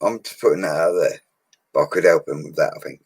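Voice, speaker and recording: A man's voice: rumbling low, quick pace, breathy edge, no echo. A man chatting casually on a live stream, upbeat and slangy, laughing often as he reads viewer comments. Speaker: livestream host reading viewer comments. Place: home studio.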